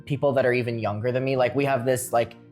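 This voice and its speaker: A man's voice: medium pitch, fairly even intonation, fast, a little mellow, faint music behind. A young man from Ireland with a Derry accent, chatting as a guest and filling his talk with "like". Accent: Irish, Derry. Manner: chatty, lots of filler "like". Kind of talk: casual chat.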